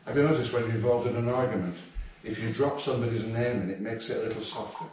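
Male preacher, chatty and joking, recorded from afar in a booming hall. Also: fast, hardly any pauses, a little mellow. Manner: humorous, conversational, with asides and acted quotes. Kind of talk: sermon. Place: church hall. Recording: echoey hall, distant mic, faint noise.

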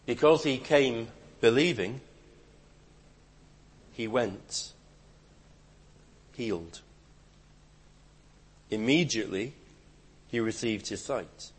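A man preaching a sermon, swinging between loud emphatic declarations and quiet, hushed asides. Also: medium pitch, takes it slowly, long pauses, slightly rough.

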